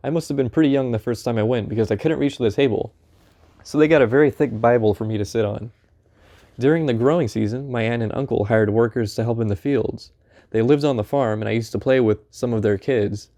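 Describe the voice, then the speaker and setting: A man reading a first-person memoir aloud in an unhurried, conversational storytelling manner. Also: medium pitch, dark tone. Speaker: audiobook narrator.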